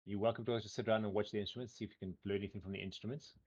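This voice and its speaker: Low-voiced rambling game master. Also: male voice, steady tone, racing, a little mellow, slightly rough, lo-fi sound. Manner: rambling, full of "um" and repeated "cool". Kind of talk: casual tabletop game narration.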